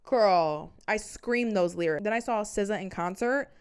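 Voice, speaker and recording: A woman's voice: mid-range voice, moderate pace, clean tone. A woman in her twenties, a podcast host telling a casual storytime with candid, dramatic retelling and plenty of swearing.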